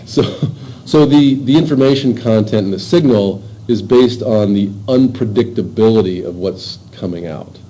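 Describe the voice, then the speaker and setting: A man lecturing to a university class in an informal, halting way, with frequent fillers and restarts. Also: lowish voice, mellow, a little hiss or hum, low-quality recording.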